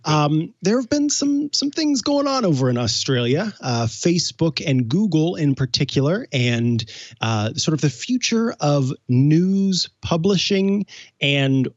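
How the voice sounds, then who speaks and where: A man's voice: medium pitch, no room sound, muffled recording. A man co-hosting a tech news show, chatting playfully with many fillers and restarts. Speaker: co-host. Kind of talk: casual tech news chat.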